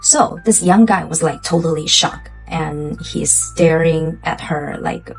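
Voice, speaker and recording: A woman's voice: deep voice, takes it slowly, vocal fry, soft background music, poor audio. Chatty woman telling a ghost story. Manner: chatty, loose phrasing with many fillers. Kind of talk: casual spooky storytelling.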